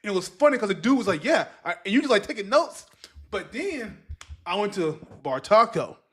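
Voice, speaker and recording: A man's voice: sits high, big pitch swings, brisk, fairly bright tone, slight background noise. A man, co-hosting a podcast and telling a story in casual chat, acting out other people's lines. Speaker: podcast co-host.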